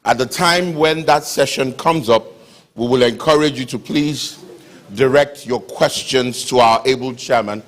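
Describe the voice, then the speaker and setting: A man's voice: mid-range voice, measured pace. Courteous man hosting an event. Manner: courteous, formal phrasing. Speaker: master of ceremonies. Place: lecture hall.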